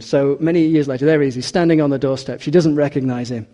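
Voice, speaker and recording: Male preacher, sermon; mellow tone, emphatic, slows for weight. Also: mid-range voice, steady tone, dull audio. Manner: earnest, emphatic, slows and drops on key words.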